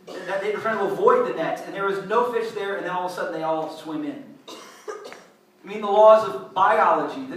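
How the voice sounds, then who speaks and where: A man delivers a conversational sermon in a high, bright voice, slipping into the voices of puzzled listeners. He is picked up from a distance in a large, very echoey hall. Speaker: pastor.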